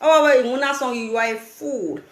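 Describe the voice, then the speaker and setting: A Nigerian woman streaming a live vlog, talking in an animated, scolding way and laughing often. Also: sits high, echoey room. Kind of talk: casual live-stream commentary.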